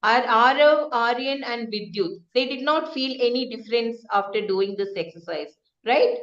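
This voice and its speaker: Woman speaking coach, high and animated, quizzes the class and demonstrates emphasis; dull, roomy recording. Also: moderate pace. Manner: lively, asks the group questions, acts out example sentences. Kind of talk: interactive online teaching session.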